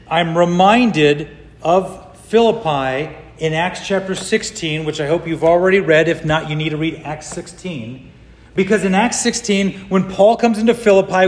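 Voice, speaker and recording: A middle-aged man from California preaching a sermon, telling a personal story and acting out the people he quotes. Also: high voice. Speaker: pastor. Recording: long hall reverb.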